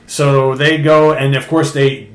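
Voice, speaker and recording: A man's voice: medium pitch, takes it slowly. Older man animatedly retelling a comic. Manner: animated retelling, acting out characters' lines. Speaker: podcast co-host. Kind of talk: casual comic book recap. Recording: echoey room with faint hum.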